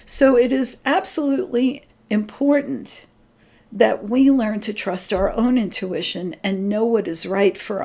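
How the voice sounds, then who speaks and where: A middle-aged woman giving an earnest spiritual talk, gently coaching listeners about their intuition. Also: on the high side. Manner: gentle, earnest, quotes her inner voice in a lighter tone. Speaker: spiritual teacher.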